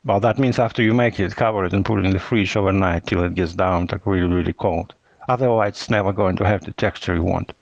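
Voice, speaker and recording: Halting man hosting over a muffled, dry call line. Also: deep voice, fairly even intonation, gravelly, no echo. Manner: halting, hesitant with many fillers. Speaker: host. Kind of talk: casual chat.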